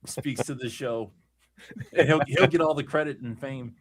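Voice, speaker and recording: A man's voice: mid-range voice, normal speed, dry recording. A man joining a casual livestream as co-host with dry, wry remarks.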